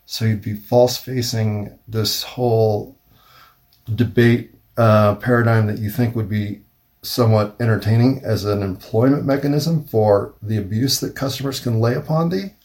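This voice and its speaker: A man rambling through a wry, self-mocking solo monologue, thinking aloud with pauses. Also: on the low side, steady tone, a little mellow. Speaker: vlogger.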